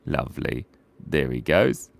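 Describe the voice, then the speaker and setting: A man's voice: a bass voice, big pitch swings, measured pace, vocal fry, no echo. A man hosting a live drawing stream, joking playfully and narrating each stroke as he draws viewers' ideas. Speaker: livestream drawing host.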